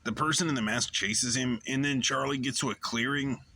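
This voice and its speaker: A man's voice: medium pitch, steady tone, moderate pace, gravelly, pushed and bright, slight background noise. A man hosting his show, giving a loose, rambling recap of a TV episode with plenty of fillers. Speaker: show host.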